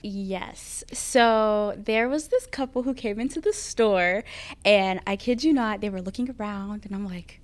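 A young woman who works in a theme park store, telling an animated story in a casual interview. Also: medium pitch, measured pace. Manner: animated anecdote with acted quotes.

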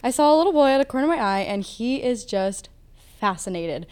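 Young woman, theme park custodian, smooth clear voice, upbeat anecdotes. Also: fairly high pitch, lively intonation, fast talker, darkish tone. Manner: upbeat storytelling. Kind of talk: casual interview chat.

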